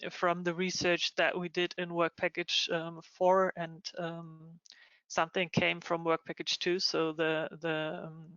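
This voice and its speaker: A woman's voice: fairly low pitch, fairly bright tone, clear, resonant tone, dry recording. A woman moderating a project webinar online, speaking with many hesitant ums. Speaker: session moderator. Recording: dull lo-fi online call.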